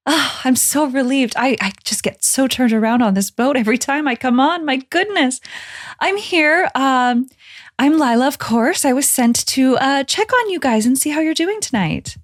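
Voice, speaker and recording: A woman's voice: sits high, lively intonation, moderate pace, no echo, clean studio sound. A woman playing a tabletop role-playing game, speaking in character with a flustered, sweetly overbearing manner. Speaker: player.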